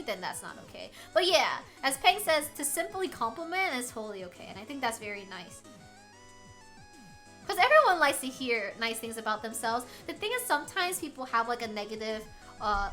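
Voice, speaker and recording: A woman's voice: a little high, pushed and bright. An American woman chatting casually on a live stream, giggly and rambling, laughing often. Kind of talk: casual chat.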